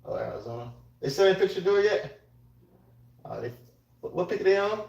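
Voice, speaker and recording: A man's voice: high voice, big pitch swings, normal speed, vocal fry, a little mellow, slightly rough, lo-fi sound. A man vlogging as he cooks, chatting casually to his viewers and rambling, repeating phrases, talking slangy. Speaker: cooking vlogger.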